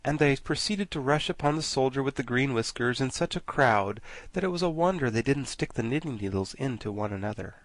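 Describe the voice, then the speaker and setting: Lively male audiobook narrator. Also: mid-range voice, a little fast, hardly any pauses, no room sound. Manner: expressive, animated storytelling. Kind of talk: scripted narration.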